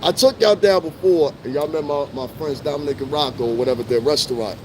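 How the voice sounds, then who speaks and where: Middle-aged guy going live on his phone outside, kinda high voice, swearing a lot, faint traffic behind. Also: quick pace, darkish tone. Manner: profane, loose street talk with laughs. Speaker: livestream host. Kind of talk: casual live-stream chat to viewers.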